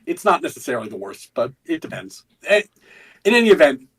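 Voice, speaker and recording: A man with a husky, slightly high voice, caught by a mic set some way off. He speaks as a guest lawyer in a loose political chat, casual and profane, often hedging his points. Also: sing-song, brisk, a bit bright. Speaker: guest attorney. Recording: distant mic.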